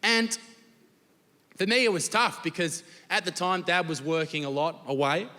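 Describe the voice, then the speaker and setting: A young Australian man performing crude, profane stand-up comedy, telling stories and shouting the punchlines. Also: high-pitched, lively intonation, moderate pace. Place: large theatre stage with audience laughter. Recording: live show with long hall reverb and background noise.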